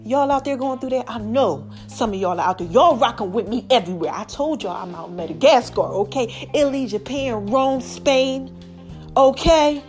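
A woman hosting her own podcast, sharing a personal testimony in a casual, expressive, preachy way and talking straight to her listeners. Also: a little high, moderate pace, faint music behind. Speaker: podcast host.

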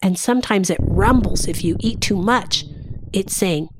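A woman leading a gentle mindfulness lesson for children, asking soothing questions in a sing-song way. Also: mid-range voice, a little slow, noisy background. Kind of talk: guided mindfulness lesson for kids.

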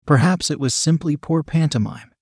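A man reading a first-person story aloud in an even, measured narration. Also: a little high, breathy edge, no room sound, studio quality. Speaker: audiobook narrator.

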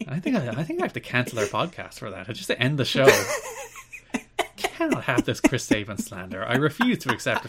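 A man co-hosting a podcast in casual chat, animated and given to playful mock outrage. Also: medium pitch, brisk, background noise. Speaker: podcast co-host.

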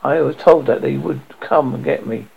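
A man reading aloud and voicing the Doctor, an eccentric time traveller who is politely insistent and brisk. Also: mid-range voice, vocal fry, a little hiss or hum. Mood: uneasy. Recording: dull lo-fi audio.

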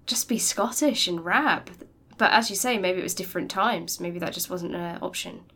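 A woman co-hosting a casual book-club podcast, animated and enthusiastic, laughing easily. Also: on the low side, normal speed. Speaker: podcast co-host.

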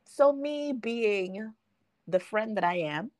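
A woman's voice: mid-range voice, slow, dry recording. Young woman host, chatty storytelling, acts out everyone's lines, dry close mic. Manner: animated, acts out quotes, laughs often. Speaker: podcast host. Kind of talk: casual storytelling chat.

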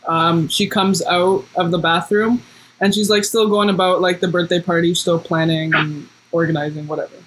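A woman co-hosting a podcast, chatting casually, laughing often and swinging high when she quotes people. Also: steady tone, moderate pace, husky, poor audio. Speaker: podcast co-host. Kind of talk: casual chat.

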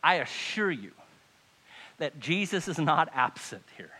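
Male preacher, high bright voice, sermon to a church crowd, hushed then loudly pleading. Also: sing-song, unhurried, husky. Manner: dramatic, swings from hushed to loud pleading. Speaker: pastor. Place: church hall with congregation.

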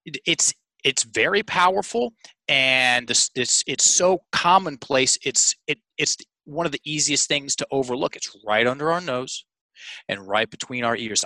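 A man's voice: mid-range voice, expressive, measured pace, pushed and bright, no room sound, poor audio. A man talking as a coach in an interview, telling stories emphatically, addressing listeners as folks, with frequent restarts. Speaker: sales and mindset coach. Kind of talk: conversational storytelling interview.

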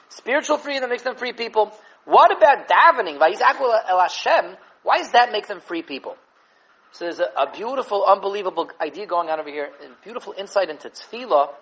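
A man giving an animated Torah class on the weekly portion, mixing Hebrew and Yiddish terms into English and repeating words as he thinks. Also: high voice, muffled recording. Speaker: Torah teacher.

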